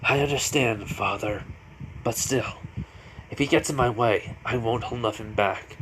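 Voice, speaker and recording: A man's voice: mid-range voice, unhurried, noisy background, lightly acted. Shigaraki, a man reading as a sullen young villain. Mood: cold.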